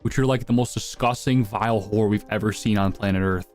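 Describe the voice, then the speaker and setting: A man's voice: fairly low pitch, fairly even intonation, fast talker, darkish tone, soft background music. Young man streamer, crude slangy banter. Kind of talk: live stream, answering chat.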